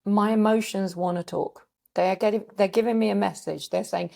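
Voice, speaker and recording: A woman coach gently guiding a calming practice, sighing often, her throat a bit scratchy. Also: mid-range voice, unhurried, creaky. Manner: gentle, permissive guiding with frequent sighs. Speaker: recovery coach. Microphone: desk mic on a video call.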